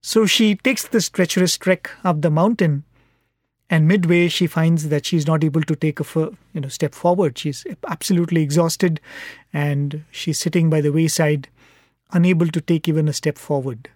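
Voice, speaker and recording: A man, his voice sitting a little high, tells a devotional story at a patient, sincere pace. His delivery is earnest and unhurried. The sound is close and dry, with no echo. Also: steady tone, darkish tone. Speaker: devotional speaker.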